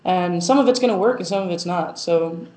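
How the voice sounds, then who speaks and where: A woman's voice: on the low side, fairly quick, a little mellow, slight background noise. A woman planetary scientist answering interview questions in a casual, thoughtful way, with many fillers and restarts. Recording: roomy echo.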